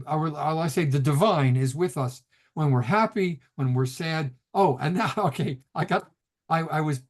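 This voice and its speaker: Middle-aged male rabbi, fairly high voice, casual storytelling lecturer on a video call. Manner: chatty storyteller, laughs often, restarts sentences. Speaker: rabbi teaching a class.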